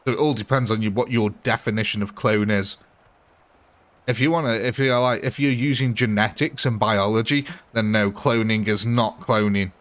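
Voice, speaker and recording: A man's voice: lowish voice, steady tone, moderate pace, fairly bright tone. Rambling, self-mocking male game streamer. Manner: rambling and self-mocking, prone to laughing at himself. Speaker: gaming livestream host. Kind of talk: casual live commentary chatting with viewers.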